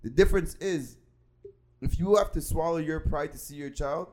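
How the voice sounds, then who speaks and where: A young man in casual podcast banter, blunt and emphatic. His voice sits a little high for a man, and he leans hard into his points with plain, forceful talk. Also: normal speed. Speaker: podcast co-host. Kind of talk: casual chat.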